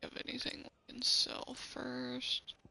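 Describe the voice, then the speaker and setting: A woman's voice: high voice, monotone, slow, vocal fry, sharp tone. A woman casually commenting as she plays a video game, chatty and sometimes dropping to a whisper. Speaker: gamer.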